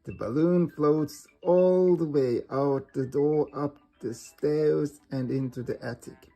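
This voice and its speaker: A man reading a children's storybook aloud in a slow, gentle way. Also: on the high side. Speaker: storybook reader.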